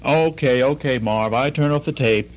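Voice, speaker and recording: A man's voice: medium pitch, normal speed. A man in the middle of his range, hosting a home-made tape fanzine with plain, earnest announcements. Faint music sits under his voice. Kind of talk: casual taped introduction.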